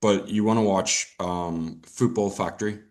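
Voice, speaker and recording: A man's voice: fairly low pitch, fairly even intonation, a little slow. A young Irish man chatting as a podcast guest, rambling and swearing freely with many restarts. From Ireland. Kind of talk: casual chat.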